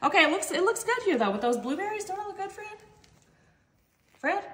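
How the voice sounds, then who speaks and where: Bubbly woman host for a home cooking vlog, high voice, chatty, talks right to the viewers. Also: big pitch swings, fairly quick, fairly bright tone, roomy sound. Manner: chatty, bubbly, constantly addresses viewers as y'all. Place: home kitchen, then a sunny backyard chicken coop.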